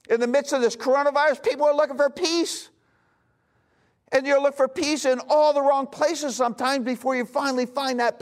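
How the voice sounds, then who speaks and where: A male pastor preaching a sermon with emphasis, swinging between loud bursts and hushed lines. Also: extremely high pitch.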